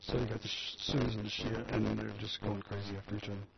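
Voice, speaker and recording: A man's voice: fairly low pitch, level tone, fast talker, vocal fry, a loud crowd. A man hosting a talk show, rambling through news items with chatty asides and reading bits aloud. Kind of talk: casual news commentary. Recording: dull lo-fi recording with loud background hiss.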